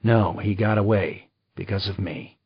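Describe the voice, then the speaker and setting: Guarded middle-aged detective, read by a man; low, husky and clipped. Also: measured pace, dry recording, heavily acted. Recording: slightly dull dry recording.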